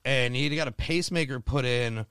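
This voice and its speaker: A man's voice: medium pitch, moderate pace, fairly bright tone, clear, resonant tone, dry recording, studio quality. A young man from Florida, telling a rambling, profane story in casual chat, full of "like" and swearing. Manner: rambling, heavy filler "like", swears a lot.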